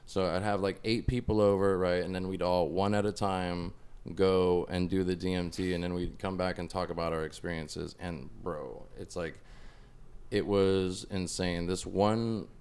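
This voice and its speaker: A man's voice: low voice, normal speed, clear, resonant tone. A man, a podcast guest, telling a story in casual chat, swearing freely and filling his talk with "like" and "bro". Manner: animated, profane, lots of "like" and "bro".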